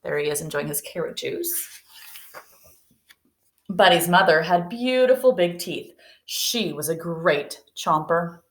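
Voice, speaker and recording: A woman's voice: fairly low pitch, measured pace, reverberant. A woman teacher reading a picture book aloud to children, asking them questions as she goes. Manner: lively, questioning, speaks to children. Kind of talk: read-aloud storytime.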